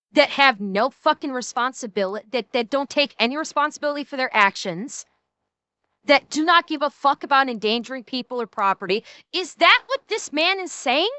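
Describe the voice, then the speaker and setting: A woman's voice: high-pitched, pushed and bright, clean tone, no echo. A woman streamer in a heated, profane live reaction rant, talking into a desk microphone. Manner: angry, profane, heated ranting.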